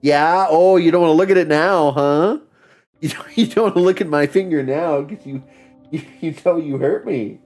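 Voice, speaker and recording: A man's voice: on the high side, moderate pace, darkish tone, faint music behind. A young adult man chatting casually on a livestream, rambling, laughing often and swearing freely. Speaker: streamer.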